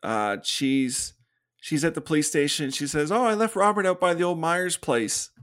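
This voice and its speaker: A man co-hosts a podcast, casually reviewing a movie by recapping the plot, performing the characters' lines, and laughing frequently. His voice is a little high and a bit bright, at a moderate pace.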